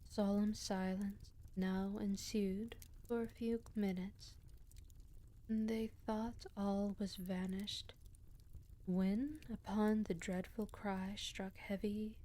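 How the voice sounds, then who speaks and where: A woman reading folk tales aloud as a storyteller, in a slow, hushed voice that often drops to a half-whisper. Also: medium pitch, level tone.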